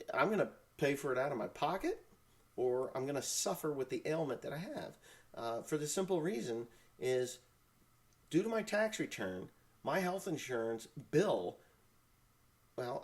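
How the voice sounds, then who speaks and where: A man's voice: a little high, creaky. A man hosts his own farm talk show and rants with blunt, heated force. He swears freely and keeps working himself up. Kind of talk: casual ranting live chat.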